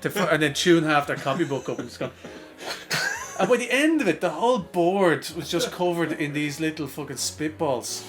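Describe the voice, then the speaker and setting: A man's voice: fairly high pitch, normal speed, faint music behind. A young Irish man chatting casually on a podcast, telling crude school stories with lots of swearing and acting out the voices of the people in them. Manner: animated storytelling, crude, laughing, acts out voices. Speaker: podcast co-host. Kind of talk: casual chat.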